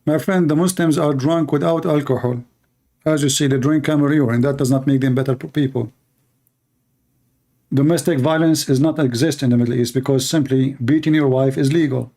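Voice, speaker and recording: A man's voice: mid-range voice, fairly even intonation, fairly quick, dark tone. A man hosting a polemical talk who speaks in sarcastic, mocking, non-standard English. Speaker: host.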